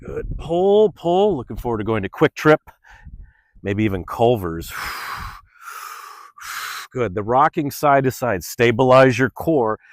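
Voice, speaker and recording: A man's voice: mid-range voice, lively intonation, slow pace, long pauses, dry recording, low-quality recording. A middle-aged man leading a guided stretching class, upbeat and chatty, sighing through the stretches. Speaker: fitness instructor. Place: outdoors under open sky.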